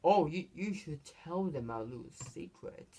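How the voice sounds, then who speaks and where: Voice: medium pitch, lively intonation, normal speed, lightly acted. A vlogger doing a sly, taunting villain lion. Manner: sly, taunting, drops to a hushed whisper.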